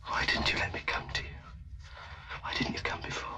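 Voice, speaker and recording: An actor playing a lonely, lovesick young writer who speaks in an intense, pleading, often whispered way. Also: male voice, brisk, bright, forceful tone. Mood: tender. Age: young adult. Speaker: actor in a film. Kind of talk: 1960s film drama acting.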